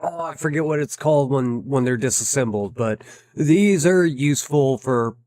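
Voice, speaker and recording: A man's voice: mid-range voice, moderate pace, a little mellow, dry recording, clean studio sound. A man casually commentating his own gameplay, thinking aloud with plenty of fillers and restarts. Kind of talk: casual let's-play commentary.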